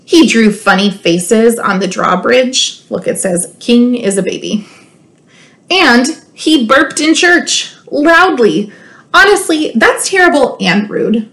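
A school librarian, a woman, reads a children's storybook aloud with expressive, playful delivery and teasing asides to her listeners. Her voice is a little high and her pace slow.

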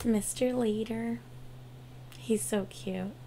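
A woman's voice: a little high, steady tone, slow, creaky. A young woman hosting a reaction video, gushing with emotion and exclaiming often over what she watches. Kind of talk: casual reaction commentary. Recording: loud music video playing behind. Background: music.

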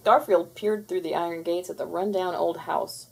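A woman narrating a children's storybook read-aloud in an expressive way. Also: lowish voice, moderate pace, gravelly, few pauses, breathy edge.

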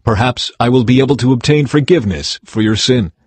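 A man's voice: medium pitch, a little fast, husky, no room sound, lightly acted. A man reading as pleading Moses. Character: Moses, pleading older male leader.

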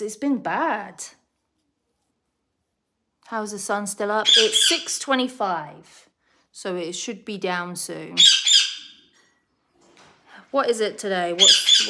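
A British woman chatting casually to her viewers and scolding her pet bird between sentences. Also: mid-range voice. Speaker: pet bird owner and channel host. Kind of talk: casual live chat with viewers. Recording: loud parrot squawks and clicks behind her. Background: parrot squawking.

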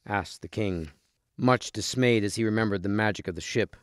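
A man reading a storybook aloud to listeners in steady, clear narration. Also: on the low side, moderate pace, dry recording, studio quality. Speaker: reader.

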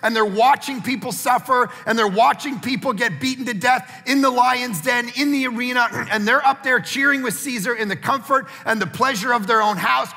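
Brief: male pastor in his forties, very high and bright voice with a gravelly edge, animated storytelling sermon in a big reverberant church hall. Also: moderate pace, hardly any pauses, faint music behind. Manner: animated storytelling preacher, acts out family dialogue.

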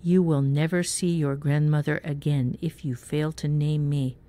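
A woman's voice: low voice, steady tone, a little slow, warm tone. A woman voicing a tiny, imperious female water sylph who makes commanding threats, in a story reading. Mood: threatening.

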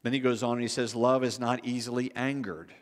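A man's voice: mid-range voice, little pitch movement, a little fast. A man preaching a sermon as pastor, in a conversational style with frequent restarts. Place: church sanctuary. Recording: long church hall reverb.

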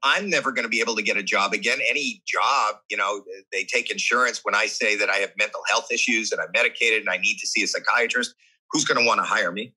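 Bright, husky-voiced man telling his story. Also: on the low side, quick pace, low-quality recording. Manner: animated, acts out his own and others' voices; candid and earnest. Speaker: podcast guest. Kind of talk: emotional personal storytelling in an interview.

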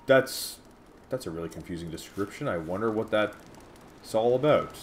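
Excitable man doing game commentary. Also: on the low side, moderate pace, slight background noise. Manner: excitable, swears at and taunts game enemies. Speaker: gaming channel host. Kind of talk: casual let's-play commentary.

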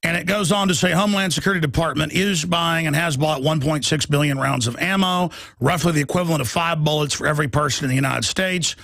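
Male talk radio host, gravelly, fairly high-pitched, emphatic and mocking, dry studio sound. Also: fast, no room sound. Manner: emphatic, mocking, rising to shouts. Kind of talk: fast political talk radio monologue.

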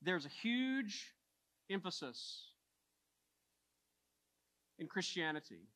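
A man preaching a sermon as pastor, moving from hushed lines to emphatic ones and repeating phrases for emphasis. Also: sits high, sing-song, slow.

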